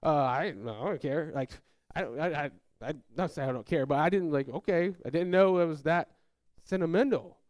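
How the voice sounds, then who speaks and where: A man's voice: on the high side, normal speed, no echo, studio quality. A man preaching a sermon to his congregation, telling family stories and acting out the people in them. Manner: animated, acts out family quotes in raised voices; addresses congregation, asks them to call out. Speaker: pastor. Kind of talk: sermon storytelling.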